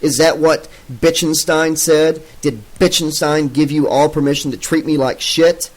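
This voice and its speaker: A man voicing a shrill, foul-mouthed male scientist in a furious rage. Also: steady tone, unhurried. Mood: raging. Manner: shrill, shouting, swearing.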